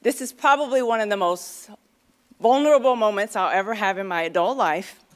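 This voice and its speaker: A woman's voice: medium pitch, a little fast. Candid middle-aged woman telling a story. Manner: candid, self-deprecating, chatty with many fillers. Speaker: convention speaker. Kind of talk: personal story speech. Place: convention luncheon hall. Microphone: podium microphone.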